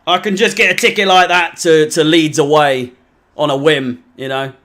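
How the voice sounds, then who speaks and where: A man's voice: on the high side, fairly even intonation, normal speed, a bit bright. A young man from England hosting a live football watch-along, deflated, sweary and sarcastic. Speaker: fan channel host.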